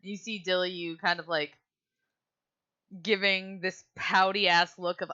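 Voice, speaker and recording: A woman narrates a tabletop game as game master, her voice bright and fairly low. She talks in a loose, halting way with sighs and fillers. The audio is a little dull and lo-fi. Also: flat delivery, smooth.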